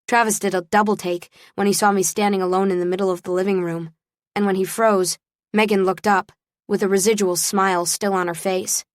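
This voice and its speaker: A woman's voice: fairly low pitch, dry recording, studio quality. A woman narrating an audiobook in the first person, telling the story expressively.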